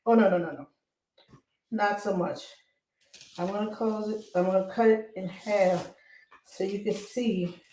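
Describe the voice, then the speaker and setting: A woman, hoarse from laryngitis, chatting warmly as she hosts a live cooking demo and greets viewers by name. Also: mid-range voice, a little slow, pauses often, a little hiss or hum. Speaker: cooking show host.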